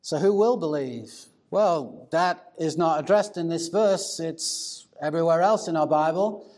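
Emphatic high-voiced male pastor. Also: darkish tone. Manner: deliberate, emphatic, stretches key words slowly. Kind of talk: sermon.

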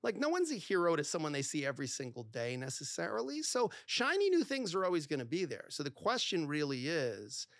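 A middle-aged man talking on a podcast, his fairly high voice leaping up and down as he tells stories. Dry, close studio sound, with no room around it. He talks in quick bursts, full of fillers, and slips into acted-out dialogue. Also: no echo. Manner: animated, talks in bursts with many fillers, acts out quoted dialogue. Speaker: divorce lawyer, podcast guest. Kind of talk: podcast interview, conversational storytelling.

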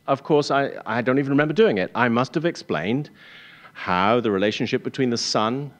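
An English man telling a wry, self-deprecating personal story on stage before a live audience, with halting restarts. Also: mid-range voice. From England.

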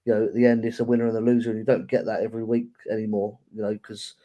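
Young guy on a football podcast, measured, pretty monotone, soft dark voice. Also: lowish voice, muffled recording. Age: young adult. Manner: measured, even, reflective. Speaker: podcast co-host. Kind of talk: casual chat.

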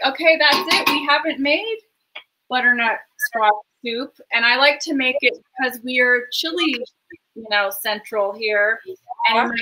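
A woman with a high, bright, ringing voice hosts a cooking show from her home kitchen. She rambles cheerfully and gushes over the ingredients as she cooks and talks. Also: low-quality recording. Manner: chatty, rambling, enthusiastic about food. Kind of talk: casual cooking chat.

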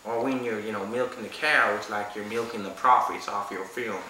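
A man's voice: lowish voice, steady tone, fairly quick, pushed and bright. A man hamming up a pompous Southern hick farmer-actor. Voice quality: drawling, rambling, self-important. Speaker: interviewee. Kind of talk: comedy sketch interview. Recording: roomy echo, faint hiss.

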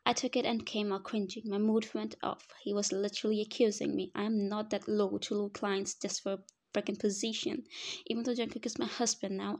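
A woman narrating a first-person romance story, dramatic, at times dropping to a whisper. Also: mid-range voice. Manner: dramatic, breathy whispered asides. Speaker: fan fiction reader.

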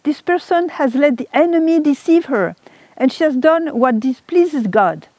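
A woman's voice: mid-range voice, big pitch swings, a little fast, a little mellow, husky, no echo. A woman voicing a fervent woman who proclaims urgently at a prayer meeting. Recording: dull lo-fi recording.

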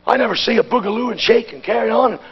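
The preacher at this Pentecostal conference has an extremely high-pitched voice, speaks fast, and shows vocal fry, while the recording has its highs cut off. His folksy, plain-spoken delivery shifts from hushed asides to shouts of exhortation.

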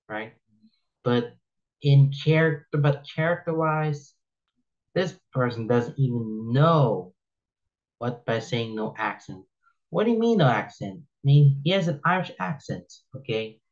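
A man hosting a casual reaction commentary, reading posts aloud and weighing in with blunt opinions. He rambles, repeats words and restarts his sentences at a middling pitch. The recording sounds dull and lo-fi. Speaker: reaction video host.

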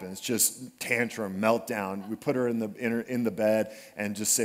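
A man's voice: fairly low pitch, a little fast, few pauses. A pastor preaching to his church, telling a funny personal story and then moving into scripture. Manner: humorous storytelling, animated asides. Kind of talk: conversational sermon. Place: church sanctuary.

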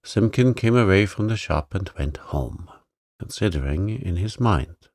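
A man reading a bedtime sleep story in a calm, soothing, gravelly voice. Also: deep voice, unhurried, no room sound, clean studio sound. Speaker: narrator.

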